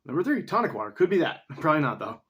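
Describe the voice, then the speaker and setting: A man's voice: fairly high pitch, sing-song, racing, slightly rough, highs cut off. A man talking casually to himself in a solo vlog, rambling as he reads definitions aloud and swears now and then. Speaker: vlogger.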